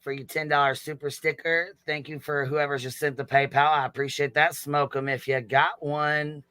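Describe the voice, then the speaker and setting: A man's voice: a little high, level tone, moderate pace, bright, forceful tone, smooth, dry recording. A man giggly profane livestream host. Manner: profane, giggly, thanking chat members. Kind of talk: casual livestream chat.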